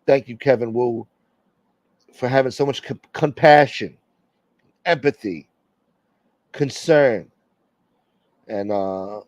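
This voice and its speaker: A man's voice: mid-range voice, slow, long pauses, darkish tone, dry recording. A man hosting a casual livestream, joking brashly with viewers and swearing freely. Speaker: livestream host.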